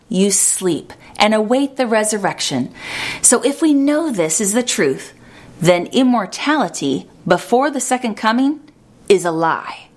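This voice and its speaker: A woman delivers an earnest sermon at a measured pace. She slows down to stress her key points, and her pitch sits in the middle range. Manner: earnest, measured preaching with slowed emphasis. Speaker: preacher.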